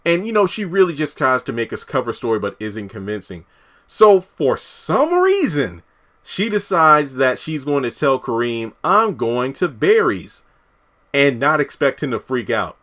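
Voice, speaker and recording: A man's voice: mid-range voice, sing-song, moderate pace, a bit bright. A man reviewing a TV episode, recapping the plot in a loose, rambling way with frequent fillers and restarts.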